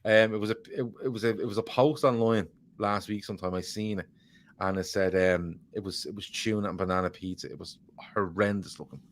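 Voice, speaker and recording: An Irish man with a lowish, steady voice talks briskly while co-hosting a casual football podcast. In this easygoing chat he rambles, jokes and swears freely as he reads out viewer comments.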